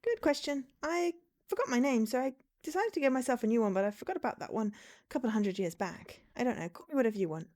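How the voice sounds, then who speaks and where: A woman's voice: on the high side, expressive, fast, a little mellow, lightly acted. A woman voicing a cheery, ageless lost soul in purgatory, chatty and bubbly, over faint game music. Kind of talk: reading a visual novel aloud.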